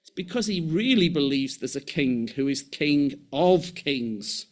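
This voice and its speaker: A man preaching a sermon with animated delivery, restarting phrases and acting out quoted voices. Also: on the high side, a little slow.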